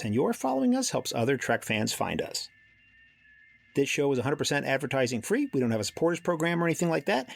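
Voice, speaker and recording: A man's voice: mid-range voice, vocal fry, husky. A man hosting a podcast, reading announcements playfully and then interviewing a guest. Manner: playful, animated delivery. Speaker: podcast host.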